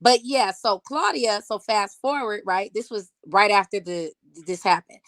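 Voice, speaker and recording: A woman's voice: medium pitch, measured pace, fairly bright tone, no echo. A woman in her thirties, a podcast guest, talking bluntly and profanely as she tells a heated story in casual chat.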